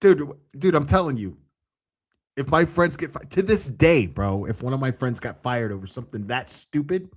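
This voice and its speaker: A man's voice: medium pitch, animated, moderate pace. A man giving casual ranting commentary, swearing freely and sounding sarcastic and exasperated.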